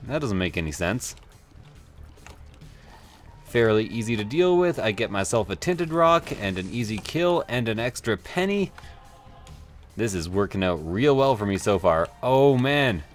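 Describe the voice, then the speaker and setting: A man's voice: on the low side, very animated, a little slow, pauses often. A man commenting on his gameplay as a let's play host, in a rambling, offhand way with mild swearing. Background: faint game music.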